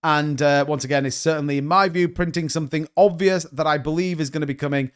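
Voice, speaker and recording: A man's voice: a little high, steady tone, quick pace, clean tone. A young man hosting a crypto stream, chatting casually and rambling with frequent restarts. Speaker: crypto channel host. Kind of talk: casual livestream chat.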